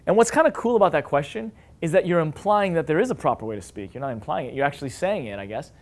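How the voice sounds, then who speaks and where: A man in his thirties with a slightly raised pitch, talking casually to camera about parenting. He is animated and conversational, and now and then slips into a high, whiny kid voice to make a point. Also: fast talker. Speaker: parenting vlogger, father of five. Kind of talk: casual advice talk to camera.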